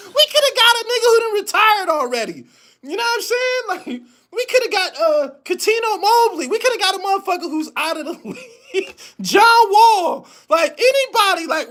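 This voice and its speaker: A man hosting a sports podcast, ranting in profane, animated commentary and laughing often. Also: extremely high pitch.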